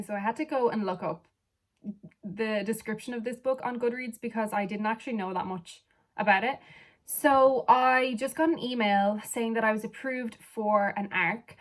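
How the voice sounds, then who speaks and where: Sitting well back from the camera at home, this young adult book vlogger from Ireland rambles through a casual chat full of tangents. She has a slightly high voice.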